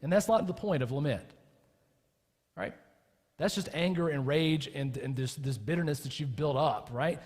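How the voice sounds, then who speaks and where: A man's voice: a little high, moderate pace, darkish tone, big-room sound. A man preaching a sermon as pastor, talking casually with his congregation and building to impassioned emphasis. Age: adult with children. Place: church.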